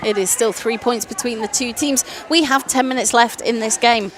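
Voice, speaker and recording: A woman giving live play-by-play commentary at a roller derby game, quick and excitable, often laughing. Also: on the high side. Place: sports arena. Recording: noisy live event background.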